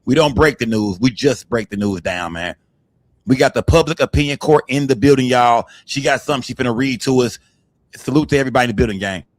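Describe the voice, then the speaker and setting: A man hosting a livestream, giving shout-outs to viewers and hyping up his chat. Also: medium pitch, fast talker, no room sound. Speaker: livestream host.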